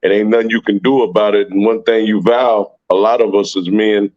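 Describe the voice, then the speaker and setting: A man with a fairly low voice talks bluntly and profanely in heavy street slang, often ending his sentences with "man". The recording sounds dull and lo-fi. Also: steady tone, fairly quick, darkish tone. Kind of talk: casual conversation.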